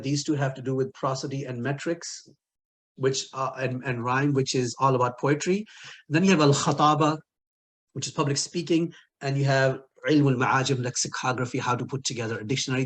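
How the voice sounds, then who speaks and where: Man, online lecture, linguistics teacher, mid-pitched, playful, laughs at own jokes. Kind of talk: recorded online lecture with quiz.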